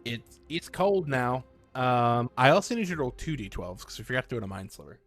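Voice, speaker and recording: Animated man running a tabletop game. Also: mid-range voice, fairly quick, faint music behind. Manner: enthusiastic, animated. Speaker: game master.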